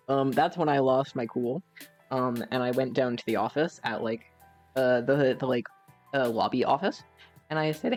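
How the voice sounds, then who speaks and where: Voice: mid-range voice, moderate pace, darkish tone, soft background music. A young adult from Canada, a gaming streamer chatting and telling a rambling story while playing. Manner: chatty, rambling, with frequent fillers.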